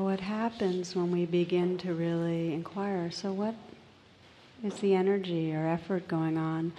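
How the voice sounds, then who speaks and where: A woman meditation teacher giving a slow, gentle dharma talk in a meditation hall. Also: lowish voice, a little hiss or hum. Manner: slow, gentle, soft-spoken.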